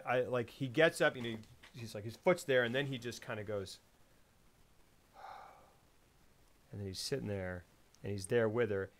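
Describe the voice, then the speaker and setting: A man hosting a casual film podcast. He retells scenes with lively sound effects and voices. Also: mid-range voice. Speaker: podcast host.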